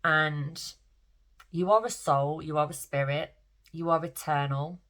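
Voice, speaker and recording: A middle-aged woman speaks to camera in a casual, rambling vlog. She sounds emotional and close to tears, yet talks openly and swears freely. Her voice sits a little low. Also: fairly even intonation, measured pace, a bit bright. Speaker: spiritual vlogger.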